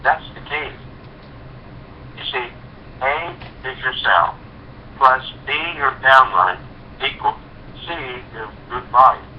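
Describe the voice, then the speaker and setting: A man's voice: mid-range voice, lively intonation, slow pace, long pauses. A man leading a sales team, giving a folksy motivational talk with homespun stories. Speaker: network marketing leader. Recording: dull lo-fi recording with faint hiss.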